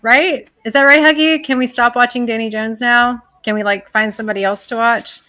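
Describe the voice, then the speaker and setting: A woman's voice: fairly high pitch, steady tone, brisk, bright, forceful tone. An American woman as a guest in casual chat, exasperated and sarcastic, swearing freely. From United States. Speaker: guest on a stream.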